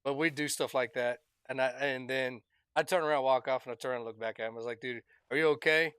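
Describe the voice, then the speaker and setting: A man's voice: medium pitch, steady tone, fast, fairly bright tone, clean tone, no room sound, studio quality. A man chatting casually while playing a fishing game, telling laid-back, rambling work stories and laughing often into a headset mic. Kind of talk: casual chat while gaming.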